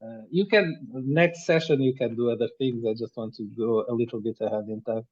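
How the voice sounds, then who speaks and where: A man running a tabletop game as game master, narrating haltingly with many restarts. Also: mid-range voice, dull audio.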